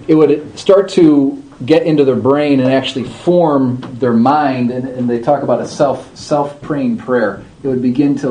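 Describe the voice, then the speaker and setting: Man giving a relaxed liturgy class. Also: mid-range voice, a little hiss or hum, poor audio. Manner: conversational, checks in with listeners, drawn-out chanted demonstrations. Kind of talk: informal class talk.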